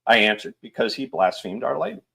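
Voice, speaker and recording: A man voicing a stolid young male Highlander who answers in a flat, cold and deadly literal way. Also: a little fast, creaky, slightly rough, full character voice.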